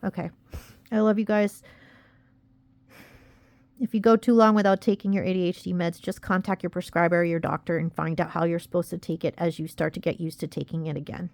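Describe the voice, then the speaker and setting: A woman's voice: fairly low pitch, steady tone, fairly quick, vocal fry, a little mellow, dry recording. Frustrated young woman venting to camera. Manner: rambling, frustrated, self-critical. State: upset, near tears. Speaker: vlogger. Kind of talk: casual confessional vlog.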